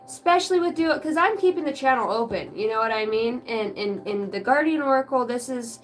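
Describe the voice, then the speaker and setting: A woman's voice: on the high side, lively intonation, fairly quick, distant mic, soft background music, poor audio. A woman hosting a card-reading livestream, venting in a rambling, profane way and chatting with viewers by name. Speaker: oracle card reader and livestream host. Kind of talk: casual livestream rant.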